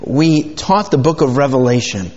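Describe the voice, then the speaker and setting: A middle-aged man preaches in a loose, rambling, folksy way, full of fillers. His voice sits at an ordinary pitch for a man. The recording is dull and lo-fi, with the long reverb of a church hall. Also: lively intonation, moderate pace, darkish tone. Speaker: pastor. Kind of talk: informal sermon with prayer. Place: church sanctuary.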